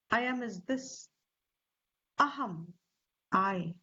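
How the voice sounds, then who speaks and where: A woman teacher with an Indian English accent, explaining scripture slowly and deliberately, stressing Sanskrit terms and posing rhetorical questions. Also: fairly high pitch, lively intonation, breathy edge. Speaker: Vedanta teacher. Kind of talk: slow scriptural class explanation. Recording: slightly dull lo-fi recording.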